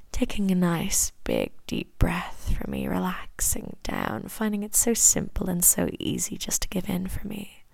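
Woman hypnotist, whispered ASMR hypnosis, unhurried and gravelly, close and dry. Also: fairly low pitch, darkish tone, no echo. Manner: slow, soothing whispered suggestions. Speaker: hypnosis audio creator.

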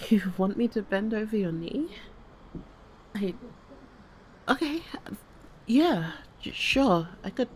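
A woman performing a one-sided audio role-play, swearing freely, often dropping to a hushed whisper and stammering through restarts when flustered. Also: medium pitch, slight background noise.

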